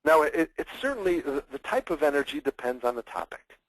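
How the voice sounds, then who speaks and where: A man teaching public speaking in a webinar, energetic and expressive, acting out examples in mock voices. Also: a little high, fairly quick, no echo, poor audio. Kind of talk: webinar presentation.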